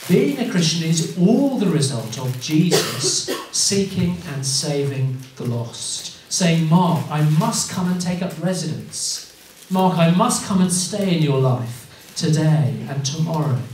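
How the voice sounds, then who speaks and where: English man, earnest student-mission preacher, slightly high voice, distant mic in a very echoey room. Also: a little mellow, a little hiss or hum. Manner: earnest, questioning, repeats words when restarting. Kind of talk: evangelistic talk. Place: university lunchtime event room.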